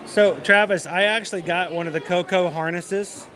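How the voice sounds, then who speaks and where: Man, livestream host, casual and talkative, somewhat high voice; outdoors among a loud park crowd. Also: steady tone, normal speed. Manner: chatty, greets viewers by name, laughs easily. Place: outdoors at a busy theme park. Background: crowd chatter.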